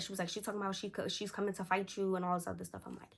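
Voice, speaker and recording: Young woman, casual storytime vlog, animated, voices swing up and down for quotes. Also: racing, hardly any pauses, a little hiss or hum. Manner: animated, acts out quotes with shifting pitch. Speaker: storytime vlogger. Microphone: camera close up.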